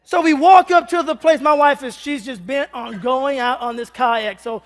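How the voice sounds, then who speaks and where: A man preaching a humorous sermon, telling a comic story with animated delivery and sudden shouts. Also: very high-pitched, moderate pace. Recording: long reverb of a large hall.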